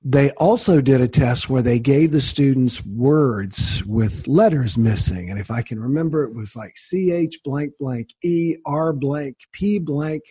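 Guest, male, husky voice sitting a bit high, emphatic storyteller, dry close sound. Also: unhurried, few pauses, mellow, no echo. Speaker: guest author. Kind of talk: conversational interview.

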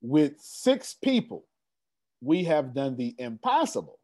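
Male presenter, hype pitch style, husky and animated, video-call mic. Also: slow. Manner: excitable, repeats phrases, casual slang. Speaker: presenter of an online business meeting.

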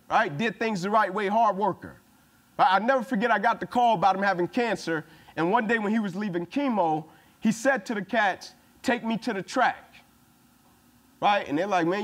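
Guy preaching hard at a football team, punchy, repeats himself, higher voice. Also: a bit bright. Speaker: motivational speaker. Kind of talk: motivational speech to a football team.

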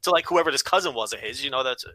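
A man co-hosting a podcast, telling a story with plenty of swearing in a casual, animated way. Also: medium pitch, rapid-fire, no room sound, low-quality recording. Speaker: podcast co-host.

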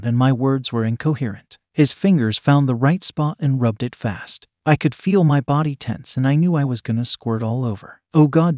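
Male narrator, steady erotic-story reading, medium pitch, dry close sound. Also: no echo.

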